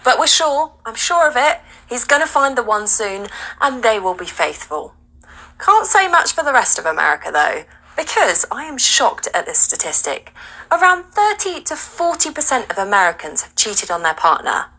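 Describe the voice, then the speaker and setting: A woman hosting a viral video show in a chatty, expressive way. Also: on the high side, moderate pace. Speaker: show host.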